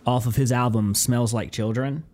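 A man co-hosting a podcast in loose, excited banter with casual swearing. His voice sits at a middle pitch for a man. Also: moderate pace. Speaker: podcast co-host.

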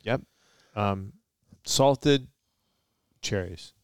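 Podcast co-host, male, lower voice, resonant and smooth, measured delivery, dry booth sound. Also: dry recording. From Michigan. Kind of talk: casual chat.

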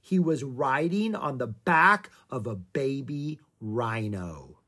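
Slow, breathy storybook reader. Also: mid-range voice, animated, a bit bright. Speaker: audiobook reader. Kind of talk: children's book narration.

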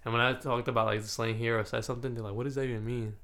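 A young man from the United States with a gravelly, creaky voice tells stories in a relaxed way, quick to laugh. His pitch sits in an ordinary middle range. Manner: relaxed, storytelling, laughs easily. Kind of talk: casual chat.

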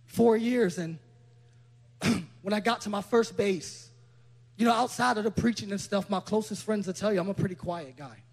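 A man preaching a sermon with passion, swinging from quiet, low-key storytelling up to loud shouting. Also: moderate pace, gravelly. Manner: impassioned, builds to loud shouting.

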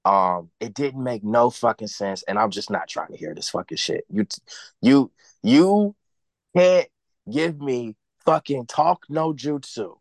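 A man's voice: medium pitch, expressive, a little slow, gravelly, no echo. A man co-hosting a podcast, ranting bluntly and cursing freely in casual chat. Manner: blunt, profane, heated ranting. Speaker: podcast co-host.

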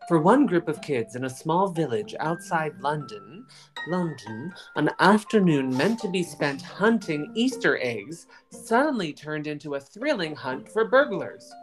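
Low-voiced chatty woman podcast host. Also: sing-song, measured pace, over music. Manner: chatty, with many fillers. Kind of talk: casual chat, retelling a news story.

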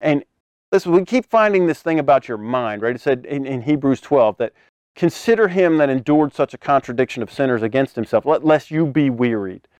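A man preaching a conversational sermon, animated, acting out scenes with sudden loud bursts and laughing often between phrases. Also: mid-range voice, a little fast, smooth, no echo.

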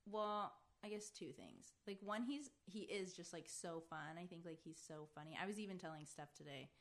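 Chatty young woman, slightly low voice. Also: lively intonation, moderate pace. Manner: chatty, full of "like" and "um". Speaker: podcast guest. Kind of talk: casual chat.

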